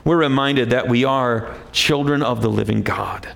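A man preaching a sermon, emphatic, rising often to a high, forceful pitch. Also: measured pace, vocal fry. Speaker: pastor.

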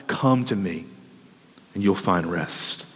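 A man preaching who voices Jesus as gentle and patient, speaking softly and slowly. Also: fairly high pitch, sing-song, long reverb tail.

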